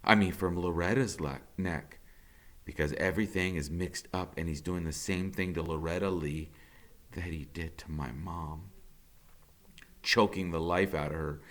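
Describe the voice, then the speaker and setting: A man, a teacher, reading a novel aloud with expressive storytelling. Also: sits low, moderate pace. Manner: expressive storytelling, rising to intensity.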